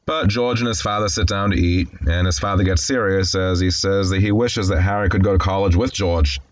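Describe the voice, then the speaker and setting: A man's voice: deep voice, steady tone, a little fast, no room sound, dull audio. A man casually recapping a classic film, candid and conversational with wry asides. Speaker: film commentator.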